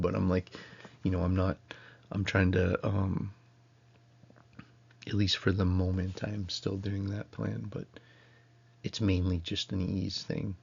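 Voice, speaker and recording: A low-pitched man in his thirties lecturing to a class, his voice gravelly with fry. He talks casually and rambles, often breaking off his own sentences. The recording sounds a little dull and lo-fi. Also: a little mellow. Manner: casual, rambling, self-interrupting. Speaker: college instructor.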